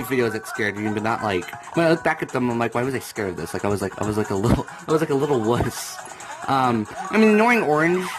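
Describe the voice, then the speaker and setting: A young man rambling through casual gameplay commentary, now and then bursting into comic yells. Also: medium pitch, poor audio. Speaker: let's play gamer. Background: video game music.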